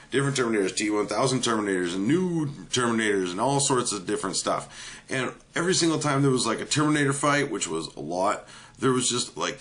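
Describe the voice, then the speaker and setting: Guy doing a casual movie review rant, kinda low voice, swears a lot, lots of "you know". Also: fairly bright tone. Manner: blunt and profane, lots of filler words.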